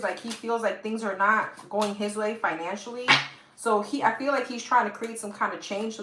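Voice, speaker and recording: Female tarot reader, New York accent, casual and talkative, phone mic in a roomy space. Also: fairly high pitch. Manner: chatty, addresses viewers as girl and guys. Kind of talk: live-stream tarot reading. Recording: echoey room, faint hiss.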